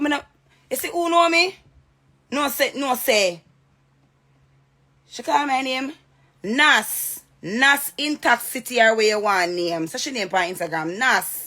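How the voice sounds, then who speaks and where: A Jamaican woman rants straight to camera in a heated, confrontational way, hammering the same points again and again. Her voice sits a little on the high side. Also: unhurried, pauses often, sharp tone. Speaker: social media personality. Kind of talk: direct-to-camera rant.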